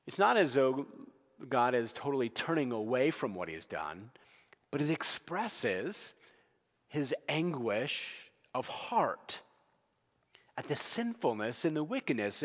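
A male pastor preaching an evening sermon, earnest and expressive, dropping from loud to hushed. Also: medium pitch. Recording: long reverb.

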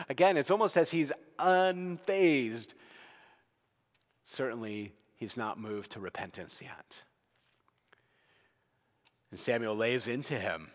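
A male pastor preaching an evening sermon, earnest and expressive, dropping from loud to hushed. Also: mid-range voice, a little slow, long pauses. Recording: long reverb.

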